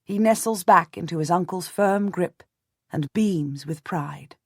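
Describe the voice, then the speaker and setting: A woman narrating a historical novel in the first person, measured and restrained, on a close studio mic. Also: lowish voice, breathy edge, no echo. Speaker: audiobook narrator.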